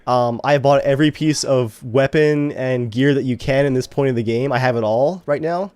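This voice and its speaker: A man's voice: medium pitch, normal speed, a little mellow, smooth, no echo. Easygoing man on a dry mic. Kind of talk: casual podcast chat.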